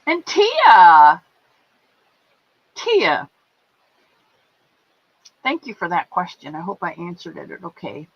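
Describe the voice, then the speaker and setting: A woman's voice: fairly low pitch, sing-song, measured pace, gravelly, long pauses, husky, no room sound. A woman hosting a casual livestream, greeting viewers by name with affectionate pet names as she reads their comments. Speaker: livestream host. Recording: dull lo-fi stream audio.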